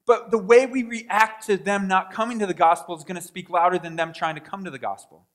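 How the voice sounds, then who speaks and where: A male pastor with a notably high voice preaches to his congregation in a conversational style. He keeps asking rhetorical questions and voices his own prayers aloud. His delivery moves between hushed asides and sudden loud bursts. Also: fairly even intonation, a little fast. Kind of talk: sermon.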